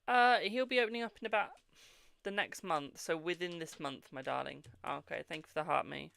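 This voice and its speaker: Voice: a little fast, vocal fry, a bit bright, smooth. A tarot reader hosting a live stream in casual chat, filling talk with "like" and calling viewers darling. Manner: chatty, fills with "like", calls viewers darling and Boo; yawning, low-key.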